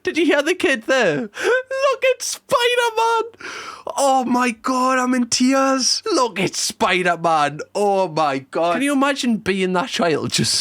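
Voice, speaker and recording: A man's voice: on the high side, fairly bright tone. A man reacting to a reality show clip, laughing and incredulous as he comments. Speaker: reaction video host. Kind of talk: casual commentary over clips.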